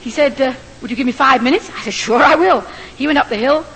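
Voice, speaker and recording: High earnest woman preaching in a hall. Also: fast, slight background noise. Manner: earnest, lively storytelling with rising emphasis. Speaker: missionary doctor preaching. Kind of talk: sermon with storytelling. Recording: long hall reverb.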